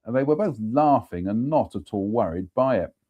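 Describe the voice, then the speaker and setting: A man reads a ghost story aloud on a live show, his voice at an everyday middle pitch. His delivery is steady and measured. Now and then he drops in an apologetic aside. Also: narrow, tinny audio. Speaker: storyteller host.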